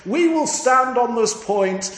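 A man's voice: very high voice, expressive, slow, a bit bright, pitched above the performer's own voice, exaggerated voice. A man playing a sly devil-chief striking a bargain. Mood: coaxing. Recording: echoey room.

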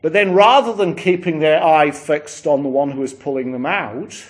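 A man's voice: a little high, normal speed. Rambling man preaching a story sermon. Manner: rambling storyteller, many restarts and asides.

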